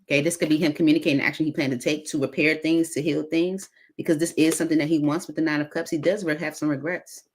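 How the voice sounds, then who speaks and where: A woman reading tarot cards aloud in a casual, chatty way, thinking out loud with many fillers. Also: sits low, steady tone, quick pace, hardly any pauses, slightly rough. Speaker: tarot reader.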